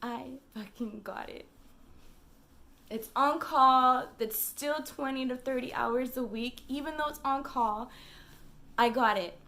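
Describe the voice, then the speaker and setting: A woman's voice: sits high, measured pace, vocal fry, fairly bright tone. A young woman vlogging, venting in a casual, emotional way, with fillers and swearing.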